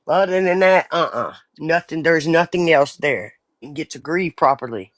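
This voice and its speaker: A woman's voice: sits low, normal speed, no room sound, studio quality. A woman in her forties chatting bluntly and profanely on a live stream. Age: 40s. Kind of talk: casual live stream chat.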